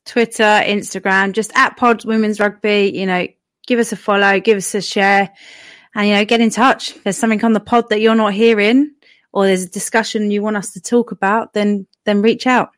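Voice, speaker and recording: A woman's voice: mid-range voice, fairly even intonation, normal speed, no echo. A woman co-hosting a casual podcast, upbeat and easy-going. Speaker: podcast co-host.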